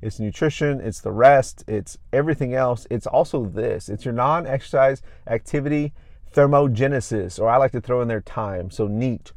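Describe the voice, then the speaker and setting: A man's voice: medium pitch, normal speed, darkish tone, no room sound, studio quality. A man talking as a fitness coach, giving tips in an emphatic, repetitive coaching manner. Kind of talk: casual fitness tips monologue.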